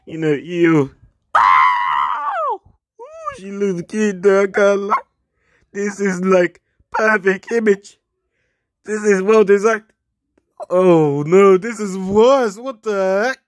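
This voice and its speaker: Man, casual reaction commentary, lively pitch, repeats words, squeals and shouts. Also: slow pace, pauses often, dry recording. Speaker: YouTube reaction host.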